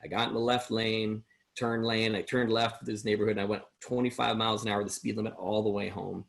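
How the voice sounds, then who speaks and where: A man's voice: fairly low pitch, level tone, fairly quick, gravelly. A middle-aged American man tells his personal recovery story at a workshop, earnest and rambling, with many restarts.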